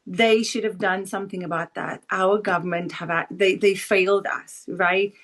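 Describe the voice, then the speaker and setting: A woman's voice: medium pitch, fairly even intonation, moderate pace. Earnest South African woman, heartfelt. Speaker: podcast co-host. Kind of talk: casual chat.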